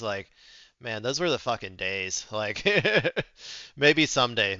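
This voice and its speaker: A man streaming and reacting to news clips with blunt, sarcastic, profane commentary, often breaking into loud laughter. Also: lowish voice, clear, resonant tone, no echo, muffled recording.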